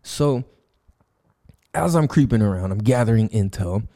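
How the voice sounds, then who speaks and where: A male podcast host talking in a casual, loose monologue with plenty of swearing and restarts. His voice is dark and mellow, and he acts out noises and his own reactions when he tells a story. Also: lowish voice, a little slow. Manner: loose and profane, with lots of fillers and restarts; animated storytelling, acts out sounds and his own quoted thoughts.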